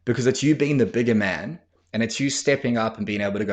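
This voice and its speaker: A man's voice: mid-range voice, quick pace. A man hosting a podcast, coaching men on talking with their partners in a direct, blunt way, swearing freely and acting out sample lines. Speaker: podcast host and men's coach. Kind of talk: casual instructional talk.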